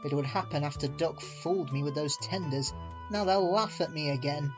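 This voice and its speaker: A man's voice: on the high side, normal speed, over music, close to an everyday voice. A man voicing a proud, grumbling big male steam engine in a storybook reading. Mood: moaning. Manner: gloomy then chuckling.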